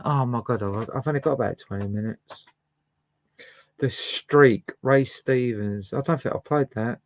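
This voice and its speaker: A man's voice: mid-range voice, a little mellow, no room sound. A man chatting and musing as host of a livestream where he plays records. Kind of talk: casual chat to a live chat.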